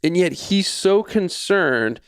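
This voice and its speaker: A podcast host in his forties, with a high-sitting voice, speaks slowly in a clean, dry studio recording. A lively storyteller, he recounts a personal story leading into a faith lesson, repeating phrases and acting out people's lines.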